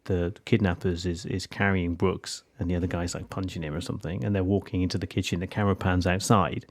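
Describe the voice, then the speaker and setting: A man's voice: low-pitched, little pitch movement, fast talker. A man co-hosting a podcast in casual chat, enthusiastic and full of fillers. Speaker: podcast co-host.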